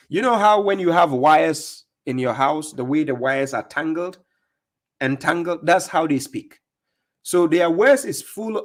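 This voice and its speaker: A man hosting a livestream, giving mocking, sarcastic religious commentary on video clips he plays. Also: a little high. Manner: scornful, sarcastic, lecturing. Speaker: livestream host reacting to clips.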